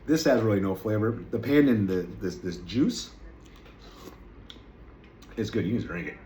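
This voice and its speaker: Chatty low-voiced man tasting snacks. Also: lively intonation, normal speed, warm tone. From United States. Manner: rambling, chatty, self-deprecating. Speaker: vlogger. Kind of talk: casual food-tasting chat. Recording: echoey room with faint noise.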